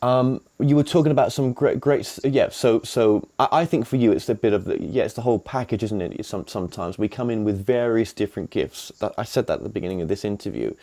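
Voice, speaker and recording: Hosting an interview chat, this man from England rambles, restarting often and leaning on fillers. He talks quickly with barely a pause, in a lowish, dark-toned voice.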